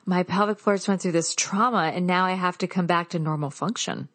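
A woman in her thirties hosting a podcast, telling stories in a lively way and laughing often. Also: on the low side, fairly quick, no echo. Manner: laughing, animated storytelling. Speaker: podcast host. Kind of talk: casual conversational interview.

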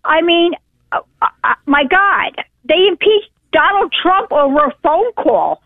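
High-voiced lady caller ranting, tinny phone line, kinda rambly. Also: animated, a little slow, no room sound. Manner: exasperated, rambling, hesitant. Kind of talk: phone-in political rant.

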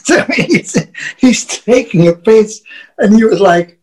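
A man's voice: high-pitched, lively intonation, slow, rough recording. A man, a wrestler, telling a casual story with frequent chuckles, profanity and restarted words. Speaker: wrestler guest.

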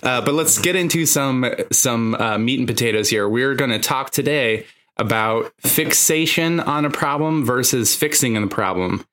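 A man's voice: mid-range voice, moderate pace, few pauses, fairly bright tone. A man co-hosting a podcast in casual, jokey banter, laughing often. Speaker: podcast co-host, therapist.

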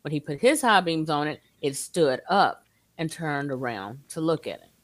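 A woman, a guest telling her story in a casual, animated way. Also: sits low, normal speed, no room sound.

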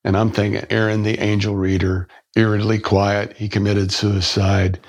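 A middle-aged man, telling a personal story as a podcast guest, halting and restarting his words and acting out the people he quotes. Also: fairly low pitch, flat delivery, dull audio.

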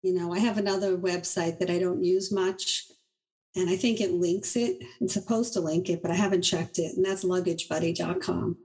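A middle-aged woman from Boston, a guest on an interview show, telling stories in an animated, chatty way and often laughing through them. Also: on the low side, moderate pace, rough recording. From Boston, USA. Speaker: inventor, guest. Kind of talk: casual interview storytelling.

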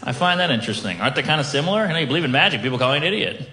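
A man's voice: on the high side, expressive, rapid-fire, bright, forceful tone, echoey room. A man doing a wry stand-up comedy routine, acting out both sides of his exchanges.

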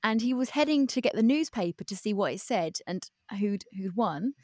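A young woman, co-hosting a casual sports podcast, chatty and quick to laugh, a self-described sports novice. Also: mid-range voice, lively intonation, darkish tone, dry recording, studio quality. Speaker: podcast co-host.

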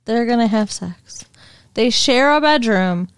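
A woman's voice: a little high, animated, unhurried, clean tone, no echo. A woman co-hosting a casual movie review podcast, dry, blunt and sarcastic. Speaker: podcast co-host.

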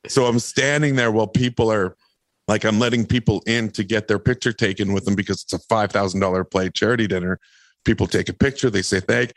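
A man's voice: fairly low pitch, fairly quick, no room sound. Man telling stories in a dry close mic. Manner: animated, rambling anecdotes. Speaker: podcast guest, actor. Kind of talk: casual storytelling.

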